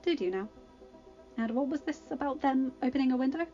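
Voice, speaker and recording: A woman reading aloud, voicing a gentle but firm young king in a softer, lower tone. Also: expressive, a little fast, lo-fi sound, faint music behind. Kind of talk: storybook reading.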